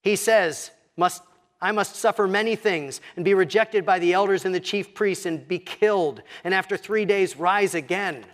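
A man preaching a sermon as pastor, slowing down and dropping to a hush when quoting scripture. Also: high-pitched. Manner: expressive, slows and drops to a hush for quoted scripture.

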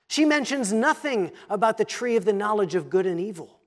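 Delivering a sermon, a pastor reads scripture aloud and teaches in a measured tone, his voice mid-range.

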